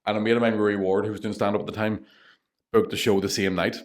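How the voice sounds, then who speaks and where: A young man with a Northern Irish accent, a comedian telling animated stories on a podcast, swearing freely and laughing through them. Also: on the low side, fast. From Northern Ireland. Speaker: comedian guest. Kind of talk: casual storytelling.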